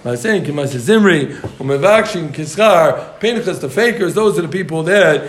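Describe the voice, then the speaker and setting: A man's voice: on the high side, expressive, reverberant. A man teaching a Gemara class to students, explaining the text and joking with them along the way. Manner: joking, quick asides to students. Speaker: Talmud teacher.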